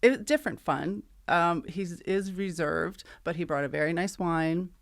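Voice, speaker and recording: A woman's voice: on the low side, moderate pace, creaky. A middle-aged woman co-hosting a podcast, chatting casually and telling a story, acting out the dialogue with plenty of laughs. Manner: chatty, re-enacts texts and dialogue with frequent laughs. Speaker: podcast co-host.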